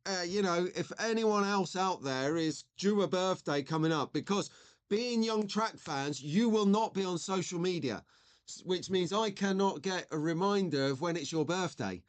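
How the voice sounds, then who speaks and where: On a live stream, a man in his forties rambles casually and reads viewer messages aloud. His voice sits high, and he talks at an ordinary speed.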